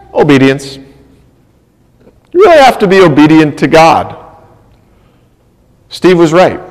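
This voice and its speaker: Man preaching with long church reverb. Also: fairly high pitch. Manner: conversational storytelling with rhetorical "right?". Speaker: pastor. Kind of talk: sermon. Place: church sanctuary.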